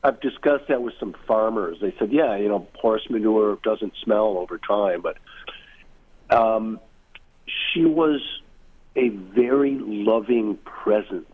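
A man with a low, husky voice talks thoughtfully over a tinny, phone-like line. He muses through his ideas as an interview guest, taking side turns as he goes. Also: takes it slowly. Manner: thoughtful, musing, many asides. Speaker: author being interviewed. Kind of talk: reflective conversational interview. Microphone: remote line from far away.

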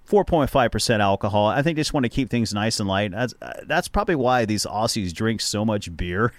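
A male radio guest who chats easily and rambles from one story to the next. His voice sits low, and the studio sound is dry with no room echo. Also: expressive, brisk. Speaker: guest and sports show host. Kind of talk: casual chat.

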